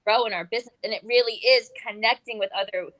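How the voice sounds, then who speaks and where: Bright, dry-sounding woman in her fifties. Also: a little high, quick pace, no echo, rough recording. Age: 50s. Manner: earnest, reflective.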